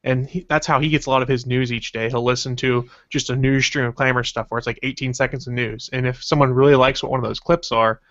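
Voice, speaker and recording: A man hosting a casual podcast chat, talking at an everyday pitch with a rambling, self-conscious manner. The audio is dull and lo-fi. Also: fairly bright tone. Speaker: podcast host.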